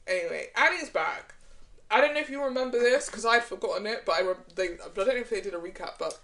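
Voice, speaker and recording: A young adult woman co-hosting a casual pop-culture podcast, talking in an animated, gossipy way with quick asides. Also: medium pitch, rough recording. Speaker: podcast co-host.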